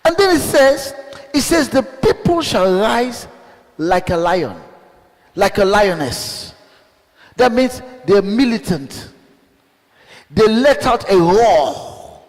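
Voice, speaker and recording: A man preaching a fiery sermon as a bishop, calling out questions to the congregation and bursting into shouts. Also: high voice, sing-song, slow pace, long pauses. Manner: call-and-response, shouting bursts, rhetorical questions. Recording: long hall reverb.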